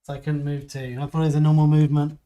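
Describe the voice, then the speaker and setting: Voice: mid-range voice, little pitch movement, very fast, highs cut off. Player thinking aloud over a board game. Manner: plans moves out loud. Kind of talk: casual thinking aloud while playing.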